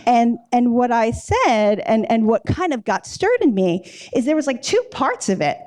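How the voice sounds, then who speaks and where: A woman from New York giving a lively, conversational storytelling talk as a company CEO at a live event. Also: a little high, normal speed. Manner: lively, chatty, acts out dialogue with "I'm like". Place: live event in a loft space.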